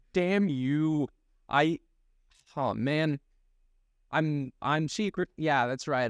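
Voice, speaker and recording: A young man co-hosting a podcast in casual chat, animated and laughing often, with quick swings in pitch. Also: clean tone, no echo, studio quality. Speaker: podcast co-host.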